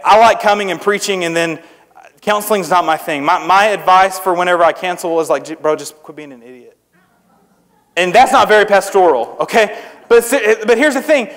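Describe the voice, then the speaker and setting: A high, slightly bright male voice belongs to a young traveling preacher giving a youth sermon at a church service with an audience. He shares stories in a conversational, joking, self-deprecating way, and the recording has long hall reverb.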